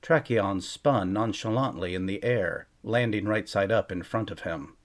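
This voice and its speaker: Low-pitched man, audiobook narration, measured and steady. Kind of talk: scripted fantasy audiobook narration.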